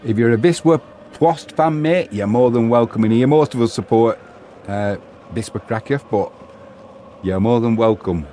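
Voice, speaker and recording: A man's voice: medium pitch, moderate pace, dark tone, a little hiss or hum. A middle-aged Englishman hosting a live match stream, chatting casually and bantering with viewers while commenting on the game. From England. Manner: chatty, bantering, reads viewer messages aloud.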